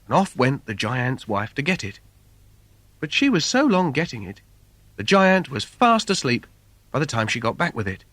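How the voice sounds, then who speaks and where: A man's voice: mid-range voice, sing-song, moderate pace, a bit bright, no room sound. A man reading a comic fairy tale for children in a playful, sing-song storyteller manner. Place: recording studio. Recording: dry studio recording.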